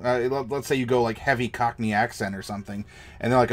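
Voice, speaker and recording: A man's voice: mid-range voice, expressive, fast talker. An American man, a game master and streamer, giving tabletop storytelling advice in an enthusiastic, demonstrative way. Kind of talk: livestream advice chat.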